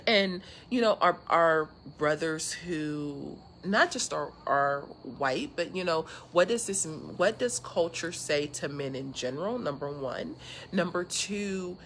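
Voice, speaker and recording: A woman's voice: low-pitched, lively intonation, takes it slowly, a bit bright, a little hiss or hum. A woman from California chatting earnestly and casually to an online audience from her porch, with many fillers and restarts. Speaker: speaker sharing with an online audience. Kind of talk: casual live chat. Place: outdoor porch.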